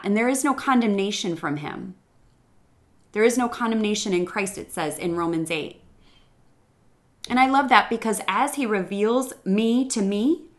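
A middle-aged woman hosting a faith-based podcast, talking in an earnest, reflective monologue with a few hesitant pauses. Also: medium pitch. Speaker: podcast host.

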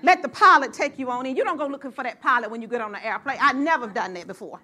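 A woman pastor preaching a sermon to her church, getting excited and rising to shouts as she calls out to the congregation. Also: high voice, quick pace.

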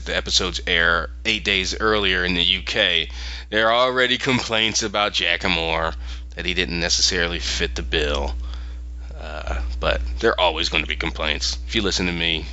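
A young man hosting a podcast, casually recapping a TV episode and acting out the characters' lines in quick voices. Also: low voice, bright, forceful tone, highs cut off.

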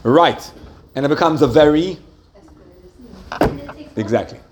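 A man's voice: fairly high pitch, expressive, slow pace. Man teaching a live class, asks lots of questions, some faint noise behind him. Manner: keeps asking the group questions and checking they follow. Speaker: religious teacher. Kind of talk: Torah class lecture to a live group.

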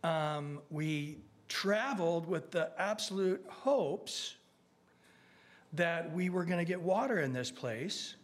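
A man's voice: a little high, lively intonation, slow. A middle-aged man preaching a conversational sermon as a pastor, earnest and folksy, often restarting his sentences and acting out prayers in his own voice.

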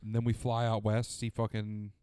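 A man's voice: on the low side, normal speed, clear, resonant tone, no room sound. Profane laughing man, dry close sound. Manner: profane, laughing, animated storytelling. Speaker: podcast co-host. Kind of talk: crude casual chat. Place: Florida home.

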